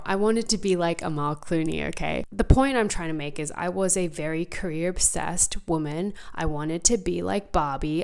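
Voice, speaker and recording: A young woman from Australia with a softened Australian accent, hosting a frank, confessional solo podcast with plenty of ums and likes. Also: lowish voice, smooth. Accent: Australian, softened by US years. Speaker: podcast host. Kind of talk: candid solo podcast monologue. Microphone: seen on screen, talking to camera.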